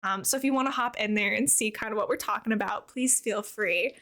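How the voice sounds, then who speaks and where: A woman's voice: mid-range voice, a little fast, a bit bright. A young woman in her twenties chatting casually on a live stream, bubbly and chatty as she plays and answers her chat.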